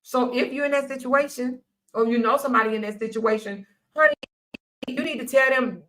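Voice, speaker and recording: Blunt, animated older woman host. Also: a little high, fairly quick. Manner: blunt, animated, preachy, laughs often. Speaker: live show host. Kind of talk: casual live-stream talk.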